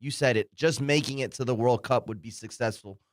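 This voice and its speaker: A man co-hosting a sports talk show, calmly pressing his case in casual debate. His voice sits at an ordinary middle pitch. It is recorded close and dry. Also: fairly quick, no echo. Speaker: podcast co-host.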